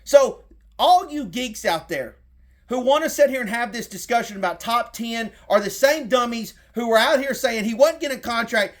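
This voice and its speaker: A middle-aged man with a Southern drawl and a very high voice rants about his team. He talks heated and profane, circling back on the same points. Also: animated, moderate pace, fairly bright tone. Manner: heated, profane, repetitive rant. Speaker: sports fan content creator. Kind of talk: fired-up sports rant.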